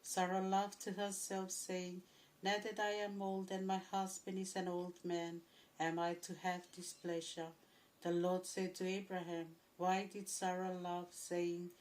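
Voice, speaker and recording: A woman reads scripture aloud at a steady pace, her voice a touch low and held to a narrow, level pitch. She pauses now and then to clear her throat. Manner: steady, even reading with occasional throat clearing. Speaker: scripture reader. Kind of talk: Bible reading.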